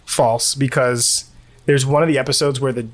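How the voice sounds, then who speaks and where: A man co-hosting a podcast, talking in a chatty, rambling way with many fillers and quick laughs. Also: medium pitch, steady tone. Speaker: podcast co-host. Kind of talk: casual chat. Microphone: home recording setup.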